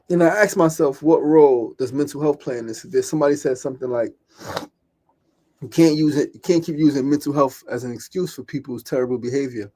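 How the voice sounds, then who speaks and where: A man's voice: medium pitch, moderate pace, pauses often, warm tone. A man hosting a podcast, giving an impassioned solo monologue, swearing and repeating phrases. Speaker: podcast host.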